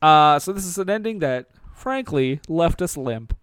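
A man co-hosting a comedy award skit, speaking with a wry, deadpan delivery. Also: on the high side, unhurried, clean tone, dry recording, studio quality. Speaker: co-host.

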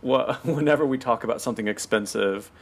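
A man's voice: mid-range voice, a little fast. A man with a mid-range voice chats loosely on a podcast. He laughs a lot and playfully acts out lines from the characters as he talks. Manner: chatty, laughs often, quotes characters playfully. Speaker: podcast co-host. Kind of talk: casual chat.

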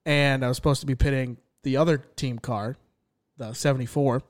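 A man's voice: mid-range voice, steady tone, brisk. A man hosting a racing podcast, asking questions and telling stories in a wry, chatty way. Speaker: podcast host. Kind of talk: casual podcast chat and storytelling.

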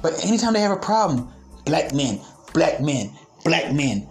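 High-voiced man ranting profanely. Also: very animated, normal speed, gravelly, soft background music. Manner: profane, mocking, sarcastic. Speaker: vlogger. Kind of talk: ranting commentary.

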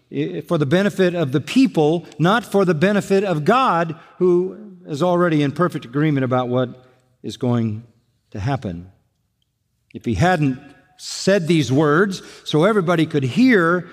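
An older man preaching a sermon as a pastor, emphatic and fond of repeating his phrases. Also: fairly high pitch. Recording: long reverb of a large hall.

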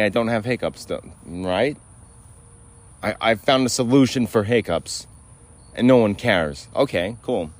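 Sardonic, profane man ranting outdoors. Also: on the low side. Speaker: podcast host. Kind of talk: casual profane rant.

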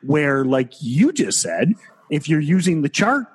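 A man hosts a trading podcast in a loose, casual chat. He rambles and restarts often, and his voice sounds husky and slightly breathy. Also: on the high side, very animated, a little slow. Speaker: podcast host, trader.

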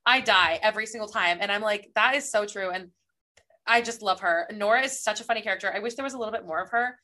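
Bright-voiced woman raving about a book. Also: mid-range voice, quick pace. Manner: enthusiastic, rambling recaps. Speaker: podcast co-host. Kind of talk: casual book chat.

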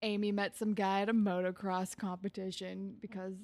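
Young woman, casual co-host, chatty and animated, quotes characters as she goes. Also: mid-range voice, normal speed. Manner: chatty, full of "like", acts out characters' lines. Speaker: podcast co-host recapping a TV episode. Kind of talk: casual chat.

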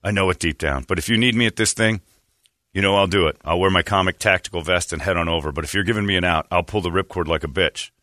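A male radio host tells a long story in a loose, chatty way and slips into the voices of the people he quotes. His voice sits low but sounds bright, and the sound is dry and close. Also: quick pace, dry recording. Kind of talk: casual storytelling chat.

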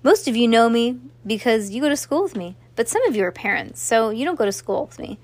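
A woman's voice: on the high side, lively intonation, brisk. A woman voicing a nervous, stammering young boy magician as she reads. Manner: stammering, rambling.

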